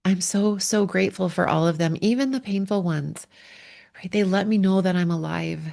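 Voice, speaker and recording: A middle-aged woman relationship coach speaking in a heartfelt, emotional podcast monologue, sometimes pausing to steady herself. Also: medium pitch, vocal fry.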